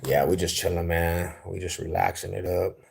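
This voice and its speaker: A man's voice: low voice, little pitch movement, moderate pace, creaky. A young man from Denver hosting a livestream, chatting casually and reading viewer comments aloud in a laid-back, slangy way that is easily amused. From Denver, Colorado, US. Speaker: livestream host.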